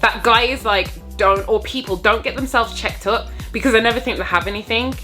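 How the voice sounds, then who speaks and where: A young woman telling a storytime straight to her viewers in a casual vlog, animated and jokey. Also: fairly high pitch, a little fast, faint music behind.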